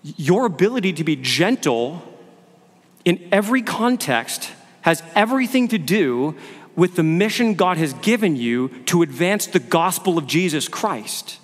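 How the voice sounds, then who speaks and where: Pastor type, male, slightly high voice, earnest sermon delivery full of rhetorical questions, church echo. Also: very animated, measured pace. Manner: earnest preaching with rhetorical questions and repeated words. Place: church sanctuary. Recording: long hall reverb.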